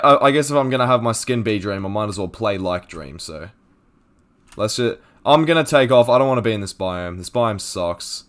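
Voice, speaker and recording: A teenage male streamer giving live gaming commentary, loud, profane and excitable as he rants. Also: mid-range voice.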